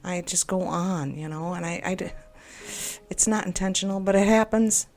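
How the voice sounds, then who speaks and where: A woman's voice: on the low side, moderate pace, darkish tone. A woman telling a personal story in a rambling, upset and exasperated way, full of self-doubting asides. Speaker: game video creator. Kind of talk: personal venting monologue. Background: faint background music.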